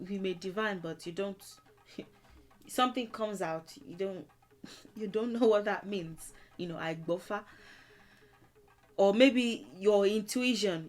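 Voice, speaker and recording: A woman teaching a beginners' language lesson, explaining terms and drilling letters aloud for learners to repeat. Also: mid-range voice. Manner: repeats words and letters slowly for learners to copy, with light laughs.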